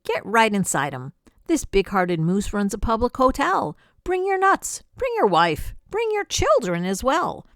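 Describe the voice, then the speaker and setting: Brief: a woman doing a chirpy, pushy woodpecker for a storybook, high and bright, dry sound. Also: very animated, a little slow, dry recording. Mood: eager. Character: bossy chattering woodpecker, small and eager.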